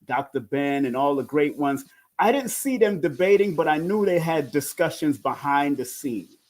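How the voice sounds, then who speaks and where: A male host speaks in a fairly high voice, chiming in often to agree with his guest. His own remarks are casual and loosely put together. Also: animated, moderate pace, darkish tone. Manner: affirming, frequent agreement. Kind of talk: casual interview chat.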